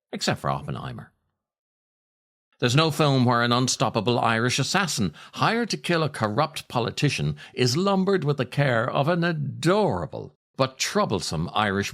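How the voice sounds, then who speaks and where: A man hosting a podcast and reading his own essays aloud, unhurried and reflective, with a wry, dry humor. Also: mid-range voice, fairly bright tone. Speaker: podcast host.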